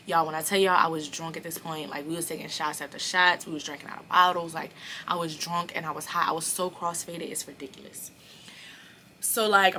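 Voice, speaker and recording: A young woman telling a storytime to her viewers in a casual, animated, profane way. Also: lowish voice, a little hiss or hum. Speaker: vlogger.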